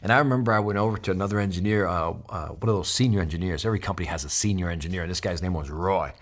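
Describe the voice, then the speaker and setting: A middle-aged man speaking as a sales speaker, telling a personal story in an animated way and acting out the quotes. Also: sits low, racing. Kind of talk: storytelling talk.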